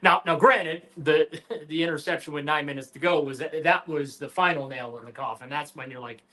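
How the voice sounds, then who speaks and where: A man co-hosting sports radio, his voice sitting a bit high with a bright, ringing tone. He talks animatedly and with emphasis, restarting phrases as he makes his points. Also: normal speed. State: has the hiccups. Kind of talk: casual sports talk.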